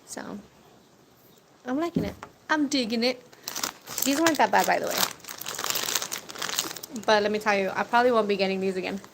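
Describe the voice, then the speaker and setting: Young female food vlogger, casual storyteller, gravelly tone, faint outdoor noise behind. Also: medium pitch, normal speed, long pauses. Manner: chatty storyteller, swears casually, laughs often. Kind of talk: casual chat to a live audience. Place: outdoors near a corner store. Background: wind and birds.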